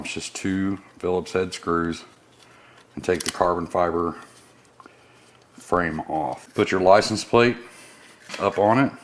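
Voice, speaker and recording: A man's voice: deep voice, slight background noise. A man, a service technician, casually walking through a motorcycle part install step by step in a workshop. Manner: casual, step-by-step instructional, friendly shop talk. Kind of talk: how-to install demonstration.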